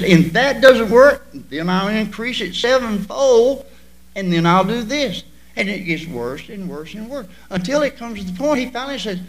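A man preaching a sermon to his church, with sudden loud bursts and drawn-out emphasis. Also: high-pitched, low-quality recording. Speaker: pastor.

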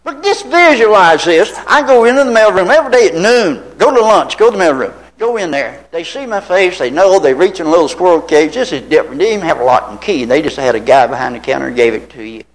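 A man in his seventies from Tennessee preaches an anecdotal sermon, spinning a folksy personal story packed with rhetorical questions. His voice sits high and expressive, and he talks fast with hardly any pauses. The recording quality is low.

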